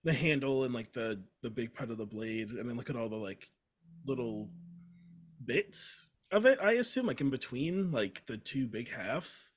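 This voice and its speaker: A man's voice: mid-range voice, expressive, moderate pace. A man playing a tabletop role-playing game, describing his character's actions hesitantly with many fillers. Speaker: player. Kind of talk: casual tabletop role-play.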